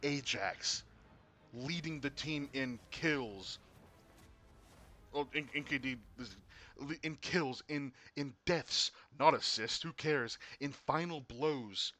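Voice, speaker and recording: A man casting an esports match, excitable, often repeating and restarting words, his voice getting worn. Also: mid-range voice, takes it slowly. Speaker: esports caster. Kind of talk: casual esports commentary.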